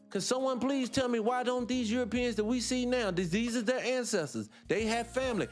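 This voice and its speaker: Guy with a high voice doing a livestream rant, lots of rhetorical questions, faint music under it. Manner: rhetorical questions, wry laughs. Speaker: livestream host. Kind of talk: casual livestream monologue.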